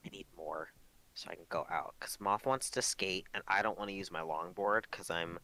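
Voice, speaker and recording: Young male podcast co-host, low-ish voice, animated storyteller, casual and profane. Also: normal speed. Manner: animated storytelling, swears freely. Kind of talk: casual chat.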